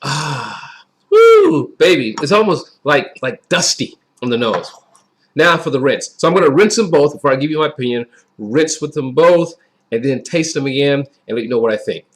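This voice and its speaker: A man's voice: medium pitch, lively intonation, a little fast. A man giving a casual, chatty wine review in a folksy way that often repeats itself. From Wisconsin.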